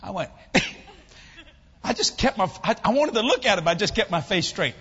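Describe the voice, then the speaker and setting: Animated preacher man. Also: sits high, brisk, breathy edge. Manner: animated, laughing, folksy storyteller. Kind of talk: humorous storytelling sermon. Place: church sanctuary. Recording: echoey church hall, slightly dull.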